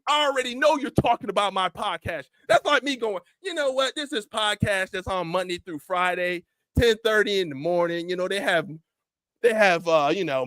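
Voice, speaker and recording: Podcast host guy, high bright voice, rambling animated storytelling, dry close sound. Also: dry recording, low-quality recording. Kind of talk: casual podcast chat.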